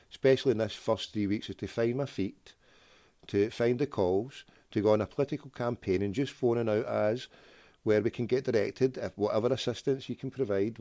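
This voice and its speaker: A man's voice: mid-range voice, warm tone, no echo. Guy rambling on his prank call show, goes off on tangents, dry close sound. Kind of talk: rambling solo talk with prank calls.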